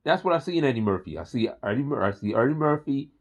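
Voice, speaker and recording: A man talking straight to camera in a relaxed, enthusiastic vlog. He rambles and repeats himself with a mid-pitched voice. The recording is dull and lo-fi. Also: quick pace. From Philadelphia. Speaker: host. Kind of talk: casual vlog monologue.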